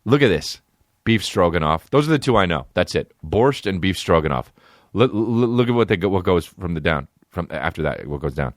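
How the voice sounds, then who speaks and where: A man's voice: sits low, a little fast, dry recording, studio quality. A man hosting a podcast who riffs profanely through a casual comedic rant. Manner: profane, animated, riffing.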